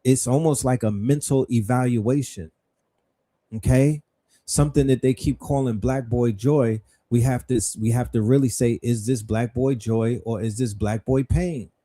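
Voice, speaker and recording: A middle-aged man hosts a livestream in a warm, unhurried, medium-pitched voice with fairly even intonation. His commentary is rhetorical and questioning, laced with blunt profanity.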